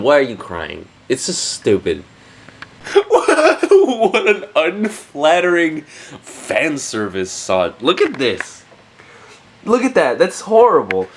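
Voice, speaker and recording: A man giving casual, profane reaction commentary while watching an anime episode, often exasperated and sarcastic. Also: mid-range voice.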